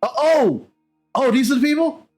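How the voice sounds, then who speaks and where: Man voicing a swearing little man, high voice, brusque, tabletop game character, faint music behind. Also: animated, normal speed, darkish tone, husky, exaggerated voice. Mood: cheery. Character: short foul-mouthed human man, gruff but friendly.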